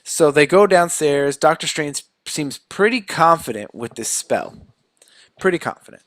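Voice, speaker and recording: Young male podcast co-host, chatty recap, quick character quotes, dry close-mic sound. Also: fairly high pitch, animated, no room sound. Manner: retells scenes with quick quoted voices. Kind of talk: casual recap.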